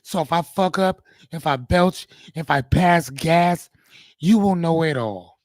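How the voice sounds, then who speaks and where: On a dry recording, a man with a voice on the high side hosts a live-streamed motivational talk at an unhurried pace. He speaks casually, swears freely and keeps checking in by asking "right?".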